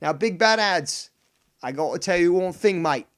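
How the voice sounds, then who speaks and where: A man's voice: high voice, animated, pitched above the performer's own voice. A man putting on a cheeky mock Australian and cockney bloke, mixing the accents badly. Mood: mock boastful. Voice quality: exaggerated mixed accents, drawn-out shouting.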